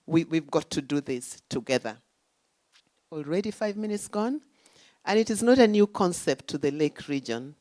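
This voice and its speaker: A woman's voice: low-pitched, expressive, moderate pace, mellow, no echo. A woman speaking at a symposium, lecturing with rhetorical questions and emphatic stresses. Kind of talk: academic talk. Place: conference hall.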